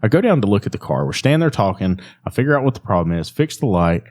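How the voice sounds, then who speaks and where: A man's voice: fairly low pitch, quick pace. A man co-hosting a podcast, telling stories in casual, laughing chat that lets a swear word slip now and then. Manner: animated, laughing storyteller, swears freely. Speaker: podcast co-host.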